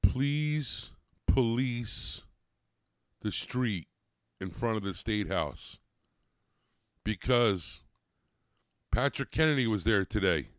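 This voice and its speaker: A man's voice: on the low side, expressive, takes it slowly, pauses often, no room sound, clean studio sound. A man from New Jersey co-hosting a podcast, ranting and swearing in heated, casual commentary. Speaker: podcast co-host.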